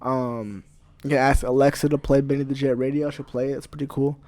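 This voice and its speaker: A man's voice: medium pitch, flat delivery, fairly quick, darkish tone. A man in his twenties from Iowa, a rapper guest rambling with lots of "like" and swearing, a little intoxicated. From Iowa, USA. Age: 20s. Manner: rambling, heavy "like" filler, swears freely. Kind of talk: casual podcast chat.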